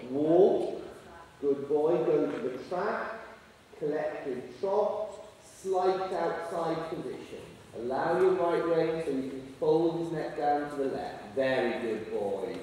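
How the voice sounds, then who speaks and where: A riding instructor coaches a dressage lesson in an indoor arena, encouraging and teasing the rider and praising constantly. His voice is a little high with a dark tone, heard from far off in the echoey arena with slight background noise.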